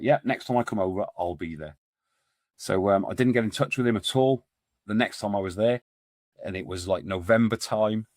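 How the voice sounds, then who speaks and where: A man's voice: lowish voice, a little mellow, no echo, clean studio sound. A middle-aged man, a podcast guest telling stories in a casual, rambling way full of fillers and restarts. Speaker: podcast guest, men's support group founder. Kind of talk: casual storytelling conversation.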